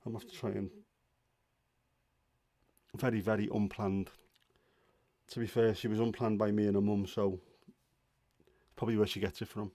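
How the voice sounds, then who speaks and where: A man's voice: lowish voice, little pitch movement, moderate pace, pauses often, mellow, no room sound. A middle-aged man hosting a livestream from home, chatting casually in a grumbling, self-deprecating way. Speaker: livestream host. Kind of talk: casual chat.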